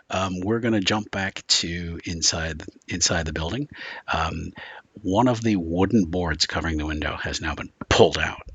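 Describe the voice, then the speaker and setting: A man's voice: deep voice, pushed and bright, breathy edge, no echo. A man running a tabletop horror game as game master, describing scenes in a loose, rambling way full of filler words.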